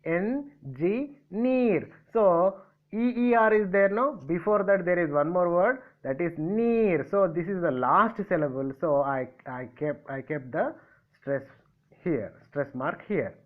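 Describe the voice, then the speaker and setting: A man's voice: high-pitched, measured pace. A man from India teaching a grammar lesson, spelling out letters and asking and answering his own questions. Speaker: English teacher. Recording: tinny phone-like audio.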